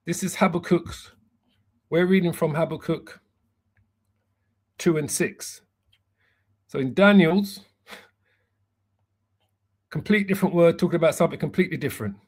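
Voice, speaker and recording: A man, a bishop giving a Bible lesson, who laughs at himself and stumbles through word pronunciations. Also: fairly high pitch. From United Kingdom. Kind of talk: Bible teaching.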